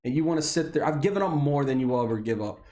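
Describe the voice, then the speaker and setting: A man in his thirties from Indiana, a military veteran, delivering an unscripted, profane personal rant that swings between heated anger and low, weary tones. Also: expressive, racing, warm tone. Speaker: video blogger, military veteran.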